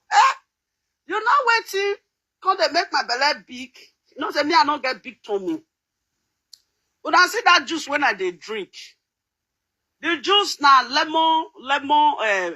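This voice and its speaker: A woman's voice: high-pitched, pushed and bright, poor audio. A middle-aged Nigerian woman chatting casually to her viewers, laughing often and breaking into bits of song. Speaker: vlogger. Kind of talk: casual chat.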